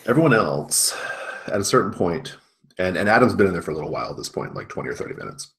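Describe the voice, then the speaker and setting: A man with a very low voice narrates as game master. He talks in a loose, chatty way, full of fillers. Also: big pitch swings, fast, fairly bright tone.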